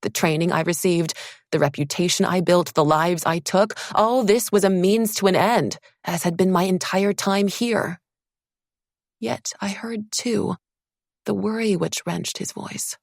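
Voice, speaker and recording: A woman narrating a first-person fantasy audiobook in a measured, expressive storytelling manner. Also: lowish voice, gravelly, no room sound, clean studio sound.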